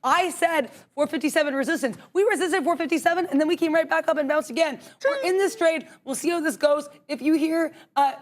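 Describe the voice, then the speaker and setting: Young woman talking stocks live, super fast and emphatic, high bright voice. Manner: emphatic, excitable, talks to herself aloud. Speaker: co-host trading live. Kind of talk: energetic live market commentary.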